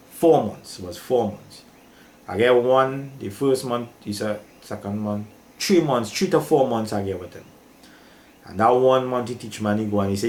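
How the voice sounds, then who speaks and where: A man's voice: medium pitch, roomy sound. An older man with a Trinidadian accent tells an emotional story from his working life in a casual, repetitive way, often calling the listener "boy".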